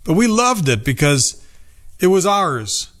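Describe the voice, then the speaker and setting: A man in his fifties from Minnesota reading a nostalgic personal essay in a measured, reflective way. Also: a little high, big pitch swings, fairly bright tone. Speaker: narrator. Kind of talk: scripted personal essay narration.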